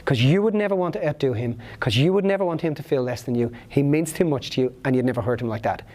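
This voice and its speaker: A man's voice: medium pitch, quick pace, darkish tone. A man speaking at a seminar, telling a personal story in an earnest, emotional, vivid way.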